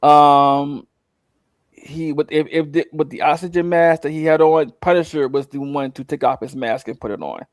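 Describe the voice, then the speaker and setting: Co-host type, a man with a slightly raised voice, rambling and animated, close dry mic. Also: fairly high pitch, normal speed, no echo. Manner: rambling, animated retelling with acted-out quotes. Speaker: co-host recapping a show. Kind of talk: casual podcast chat.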